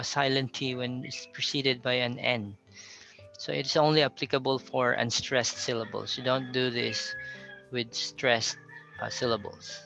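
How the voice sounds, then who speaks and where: A man from the Philippines with a Filipino English accent, teaching a pronunciation lesson and slowly modeling example phrases. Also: mid-range voice, gravelly, bright, forceful tone, low-quality recording. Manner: slow, careful model readings of example phrases.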